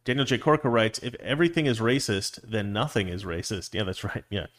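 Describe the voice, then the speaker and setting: A man's voice: on the low side, fairly quick, fairly bright tone. Opinionated male livestream host. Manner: opinionated, rambling with frequent restarts. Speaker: live stream host. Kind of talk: livestream commentary reading super chats.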